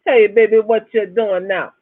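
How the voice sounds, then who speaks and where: A man voicing his flirty Bahamian grandfather, a smooth-talking ladies' man, in a high Bahamian accent. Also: fairly even intonation, normal speed, phone-quality sound.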